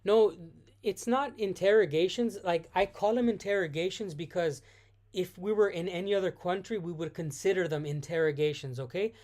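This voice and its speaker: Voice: medium pitch, normal speed, a little mellow. Live-streamer answering chat, self-correcting. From United States. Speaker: vlogger hosting a live stream. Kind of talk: casual live Q&A.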